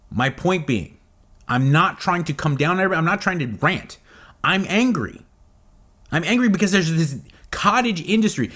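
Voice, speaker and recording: A man in his forties hosting a podcast, ranting heatedly and profanely about diet advice, with loud outbursts and low asides. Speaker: podcast host. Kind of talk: heated solo rant.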